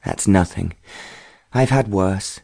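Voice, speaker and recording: A man's voice: low-pitched, slow, gravelly, mellow, heavily acted. A man voicing a defiant, snappish young woman rider in an audiobook romance. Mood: grumbling.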